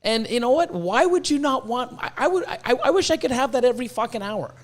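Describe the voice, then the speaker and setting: Bursting with enthusiasm, this Canadian-raised podcast host has a high voice and a brisk delivery full of swearing. His casual talk often repeats words when his mind races ahead.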